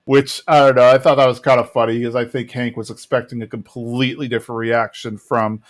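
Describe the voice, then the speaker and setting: A man in easygoing podcast chat, recapping an episode at length with plenty of fillers and little quoted bits. His voice sits at an average pitch for a man, and he talks in a loose, conversational way. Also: level tone. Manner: chatty, rambling retelling with fillers and quick quoted lines. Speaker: podcast co-host.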